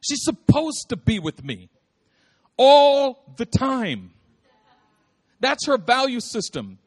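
A man preaching a lively, humorous sermon, repeating phrases for emphasis and calling out to his listeners. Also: extremely high pitch, slow. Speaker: pastor.

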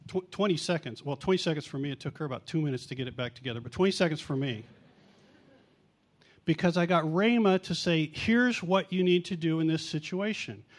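A man's voice: fairly high pitch, a little fast. A middle-aged man preaching in a chatty storytelling way, mocking himself and acting out the quotes. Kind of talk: storytelling sermon.

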